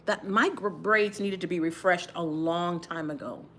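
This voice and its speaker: A woman's voice: fairly low pitch, moderate pace, a bit bright. Middle-aged woman from Texas, livestream chat, subdued and sighing, close to tears; faint background noise. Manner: sighing often, subdued and grieving, talks while twisting her braids. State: holding back tears. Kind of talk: casual livestream chat while doing her hair.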